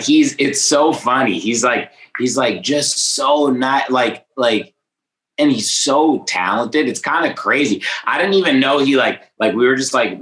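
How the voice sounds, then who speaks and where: A man from Northern Virginia, a music producer talking in a casual interview, excitable and self-deprecating. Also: mid-range voice, echoey room, poor audio.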